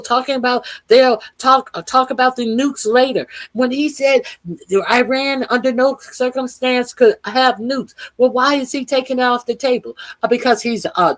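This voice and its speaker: Heated woman commentator, many fillers. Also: medium pitch. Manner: heated, profane, with frequent "uh" fillers; rhetorical questions to the audience. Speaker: political commentary host. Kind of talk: casual political commentary.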